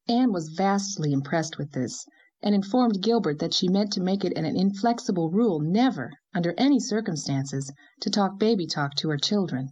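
A woman narrating an audiobook in an even, measured storytelling manner. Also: fairly low pitch, muffled recording. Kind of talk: scripted narration.

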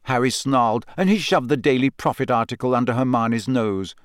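A man narrating an audiobook in a measured storytelling manner. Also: medium pitch, clear, resonant tone, no room sound, clean studio sound.

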